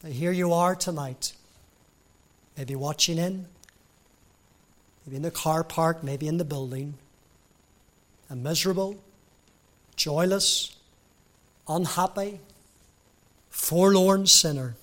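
A male preacher delivers a gospel sermon in a high, measured voice. He speaks slowly and deliberately, then swells into loud, fervent emphasis. He is heard from a church pulpit. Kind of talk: evangelistic sermon.

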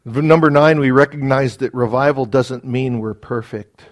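A man's voice: mid-range voice, fairly even intonation, moderate pace. A man preaching a sermon as pastor, earnest and building to emphatic peaks, with casual asides. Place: church.

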